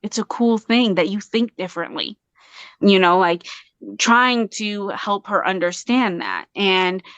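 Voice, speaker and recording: A woman's voice: medium pitch, a little slow, fairly bright tone, no room sound, muffled recording. A woman from Colorado, a guest on an interview show, talking earnestly and passionately with many restarts. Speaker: guest artist and mother. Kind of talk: casual interview talk.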